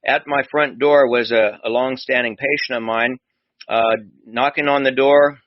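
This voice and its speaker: A man, a doctor hosting a talk show, tells a long anecdote in a conversational way and acts out the dialogue as he goes. His voice sits at a middling male pitch. The recording is dry and somewhat dull. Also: steady tone, a little slow, dry recording. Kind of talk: chatty anecdotal storytelling.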